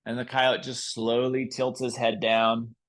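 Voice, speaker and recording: Brief: unhurried man leading a gentle yoga class, mid-pitched. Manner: slow, calm and gentle. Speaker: yoga instructor. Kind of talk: guided yoga class with storytelling.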